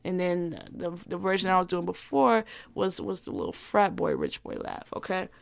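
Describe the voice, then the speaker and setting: A woman's voice: lowish voice, normal speed, gravelly. A young woman hosting a solo podcast, telling a story in a blunt, profane, emphatic way. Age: young adult. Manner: animated storytelling. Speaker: podcast host. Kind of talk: casual solo podcast monologue.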